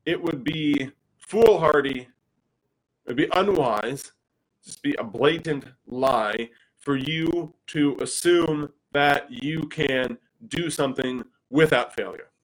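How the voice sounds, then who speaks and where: A man, telling personal stories as a father in an animated way, with frequent restarts. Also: fairly high pitch, takes it slowly, low-quality recording. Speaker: speaker and father. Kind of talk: personal storytelling talk.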